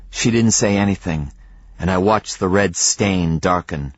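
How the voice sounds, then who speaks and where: Lowish male audiobook narrator, measured, dramatic pauses, dry close sound, a bit muffled. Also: no echo. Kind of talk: first-person novel narration. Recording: dry, slightly dull audiobook recording.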